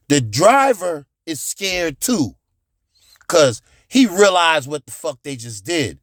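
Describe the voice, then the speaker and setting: A man telling a profane childhood story, animated, with sound effects and shouted reenactments. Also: a little high, takes it slowly, no echo, studio quality. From United States.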